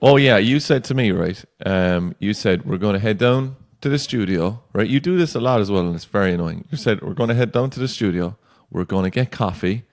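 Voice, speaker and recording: A man's voice: lowish voice, a little fast, hardly any pauses, darkish tone. A young man co-hosting a podcast, chatting casually with dry, teasing humour and rambling restarts. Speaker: podcast co-host. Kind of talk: casual banter.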